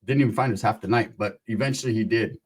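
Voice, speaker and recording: A man telling a profane comic anecdote in an animated way, often tossing in a quick question to the listener. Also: fairly low pitch, slightly rough. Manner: profane, animated, keeps asking "right?". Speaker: storyteller.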